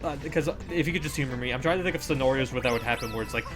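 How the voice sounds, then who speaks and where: Fast, rambling voice joking over game music. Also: mid-range voice. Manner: rambling, jokey, quick. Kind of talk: casual group let's play chat. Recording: gameplay music underneath.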